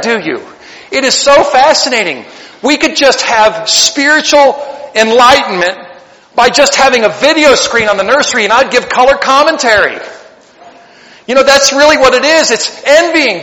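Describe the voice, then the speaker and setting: A man preaching a sermon as pastor, animated and joking, acting out little voices to make his points. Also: very high-pitched. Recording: long hall reverb.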